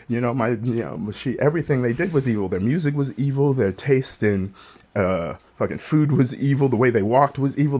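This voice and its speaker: A man's voice: mid-range voice, a little mellow. A young man talking through hard personal memories in a rambling, emotional monologue that is full of swearing. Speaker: vlogger.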